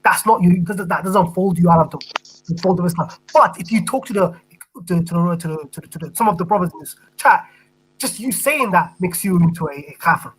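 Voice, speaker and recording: A man with a high, husky voice makes a long argument in an online voice-chat debate. He restarts and repeats words as he builds his point. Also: fairly quick, fairly bright tone, poor audio. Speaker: debate participant.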